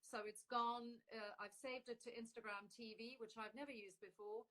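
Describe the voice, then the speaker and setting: A woman's voice: fairly high pitch, fairly even intonation, crowd noise, low-quality recording. Chatty woman hosting a live interview. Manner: brisk, chatty, hesitant with fillers. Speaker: interview host. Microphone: mobile phone live stream.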